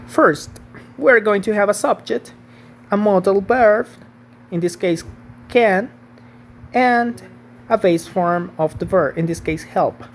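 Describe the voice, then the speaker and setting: A woman's voice: medium pitch, slow pace, long pauses, a little hiss or hum. Woman teaching English grammar. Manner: patient, checks in with "okay?" and "right?". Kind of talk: online grammar lesson.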